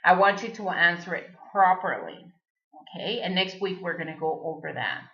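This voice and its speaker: A woman's voice: on the low side, expressive, moderate pace, sharp tone. A native Spanish-speaking woman giving a recorded language lesson, patiently repeating words for the learner. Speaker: Spanish teacher. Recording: dull lo-fi recording.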